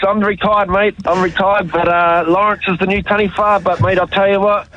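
A man with a New Zealand accent calling a radio show from his truck, emotional and in shock, halting and repeating himself. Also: sits high, level tone, pushed and bright. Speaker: radio caller, retired mascot performer. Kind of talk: emotional phone call. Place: in a work truck. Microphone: phone. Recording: dull phone line.

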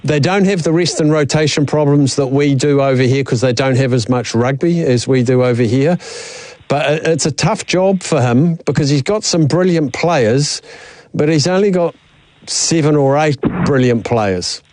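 A man's voice: fairly high pitch, normal speed, darkish tone, no room sound. A man hosting a sports talk radio show, easygoing and bantering. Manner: easygoing, banters, laughs often. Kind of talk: casual sports radio chat.

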